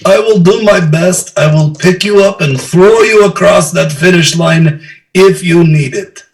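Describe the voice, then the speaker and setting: A man voicing a huge, good-natured warrior who speaks in stiff, careful sentences. The voice sits high for a man, with a gravelly edge. It sounds set back from a distant mic. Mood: earnest. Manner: slow formal phrasing without contractions. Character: earnest gentle giant man, formal stiff speech.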